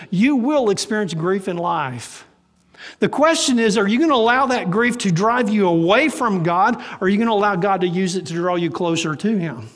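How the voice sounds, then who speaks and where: A man with a high voice preaches a sermon to a congregation. He speaks as a pastor and poses rhetorical questions to the room. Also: in a large hall. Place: church service with live congregation.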